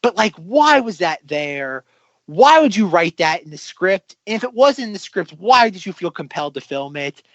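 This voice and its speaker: A man chatting on a film podcast in a high, lively voice that swings widely as he fires off incredulous questions. The sound is dry and slightly dull. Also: moderate pace, no echo. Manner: animated, incredulous rhetorical questions. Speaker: podcast co-host. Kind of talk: casual podcast chat.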